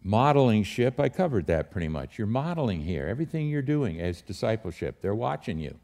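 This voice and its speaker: A man's voice: lowish voice, sing-song, a little fast, vocal fry, few pauses, darkish tone. A man, a pastor teaching a leadership session to a small group, direct and full of questions, repeating his key words. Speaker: pastor leading a leadership training.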